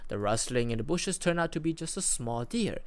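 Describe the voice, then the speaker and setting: Vtuber narrating an ai text adventure, really animated pitch, dry close mic. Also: brisk, dry recording. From Malaysia. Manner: storytelling, with rising and falling emphasis and small restarts. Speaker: VTuber host. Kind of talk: reading and playing an AI text adventure.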